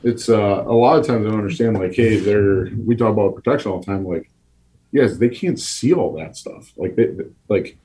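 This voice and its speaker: A man who coaches college offensive line, guesting on a podcast, speaking in a halting way with repeated words and restarts. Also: lowish voice, mellow, low-quality recording. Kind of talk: casual podcast chat.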